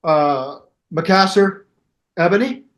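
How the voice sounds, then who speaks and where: An older man chats as an interview guest with a fairly high voice. He tells his stories with a lot of energy, acting out other people's voices and sounds as he goes. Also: slow. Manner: animated storyteller, mimics voices and sounds. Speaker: guest musician. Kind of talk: casual interview chat.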